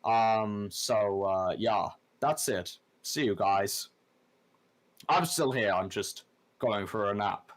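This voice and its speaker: A man running a tabletop game as game master, rambling and filling pauses with ums. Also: on the low side. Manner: rambling, many filler words.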